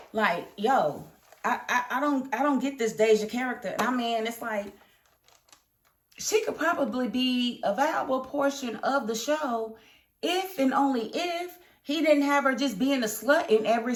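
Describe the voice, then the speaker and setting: A woman reviewing a TV episode in casual commentary, animated and emphatic, scolding the characters. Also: high-pitched, a little slow, echoey room. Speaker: TV show reviewer.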